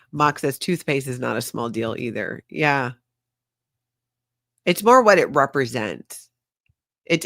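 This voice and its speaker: A woman's voice: very deep voice, creaky, a bit bright, no room sound, studio quality. An older woman chatting casually on a livestream, laughing often and reading viewer comments aloud. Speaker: livestream host.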